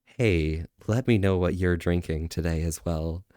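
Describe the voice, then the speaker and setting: A man doing a shy, slow fox streamer. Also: low voice, mellow, no room sound, studio quality, voice pushed down. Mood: gentle. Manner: slow, drawn-out, bashful delivery. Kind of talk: streamer impression of a friend.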